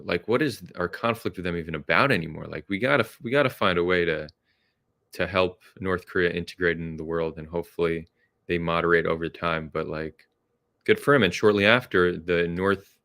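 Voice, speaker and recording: A man's voice: sits low, brisk, gravelly, a bit bright. A man hosting a podcast, talking in a thoughtful, hesitant way with many restarts. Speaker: podcast host. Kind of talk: casual conversation.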